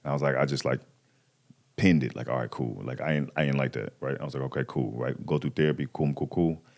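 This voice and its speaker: He has a bass voice and speaks fast: a man in his thirties, on a podcast as a guest, loosely telling his own story. Lots of slang, lots of energy, and he plays out the quoted voices.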